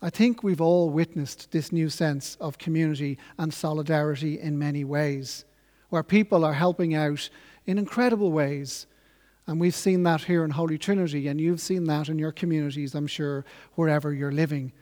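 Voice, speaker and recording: A man preaching a sermon in an earnest, measured, reflective way. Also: on the high side, fairly even intonation, darkish tone, long reverb tail.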